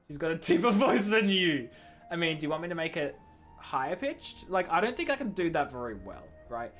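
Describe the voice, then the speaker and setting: A man's voice: on the high side, sing-song, brisk, a bit bright, faint music behind. A man streaming a game, chatting casually in a rambling, self-mocking way full of fillers. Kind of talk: casual gameplay chat.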